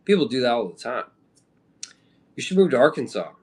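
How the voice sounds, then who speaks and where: A man's voice: mid-range voice, very animated, a little fast, breathy edge. A man from the Midwest chatting casually on a live stream, rambling with loose slang and casual swearing. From American Midwest.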